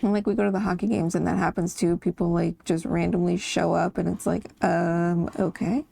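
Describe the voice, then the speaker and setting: A woman's voice: fairly low pitch, level tone, normal speed, creaky, warm tone, breathy edge, no echo. A woman hosting a coloring channel, chatting casually and rambling about her family while she colors, laughing now and then.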